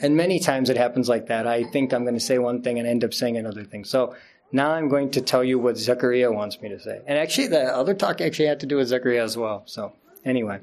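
A man's voice: mid-range voice, a little mellow. A middle-aged man giving an informal Friday sermon as an imam, chatty and laughing often at himself. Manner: chatty, laughs often, self-deprecating asides.

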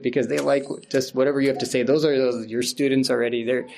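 A man's voice: mid-range voice, little pitch movement, quick pace, vocal fry, hardly any pauses, darkish tone. A middle-aged man giving an informal Friday sermon as an imam, chatty and laughing often at himself. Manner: chatty, laughs often, self-deprecating asides.

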